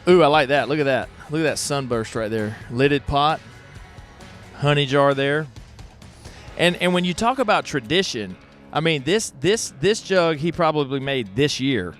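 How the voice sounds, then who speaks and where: Excitable man walking a festival. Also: a little high, normal speed, faint music behind. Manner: excitable, folksy, talks straight to viewers. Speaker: host walking a pottery festival. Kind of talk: unscripted walkthrough commentary. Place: outdoor festival grounds. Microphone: handheld microphone.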